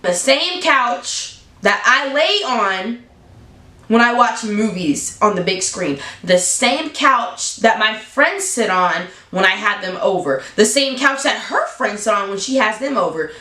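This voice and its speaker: A woman tells a story to her viewers in a casual, blunt, animated way, her voice jumping high for emphasis. Her pitch sits mid-range. The sound reflects around an echoey room. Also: measured pace. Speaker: storytime vlogger.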